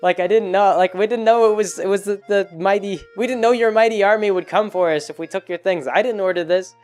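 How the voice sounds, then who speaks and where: A man's voice: high-pitched, a little fast, a little mellow, smooth, faint music behind, voice pushed up, natural voice. A man voicing a panicky, groveling male pixie king who begs and pleads in a raised voice. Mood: pleading. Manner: pleading, frantic, laughing nervously.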